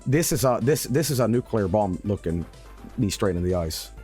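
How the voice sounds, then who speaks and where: A man streaming gameplay commentary in a casual, hyperbolic way, with mock-announcer flourishes and shouted swearing at losses. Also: lowish voice, lively intonation, normal speed, soft background music.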